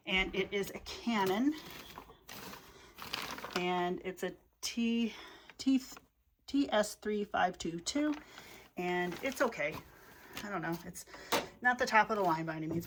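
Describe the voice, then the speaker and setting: A woman's voice: medium pitch, background noise. A woman casually giving a tour of her home craft room, rambling through lists of supplies with many fillers, a little out of breath. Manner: chatty, rambling, listing items with fillers. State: slightly out of breath. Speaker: craft vlogger.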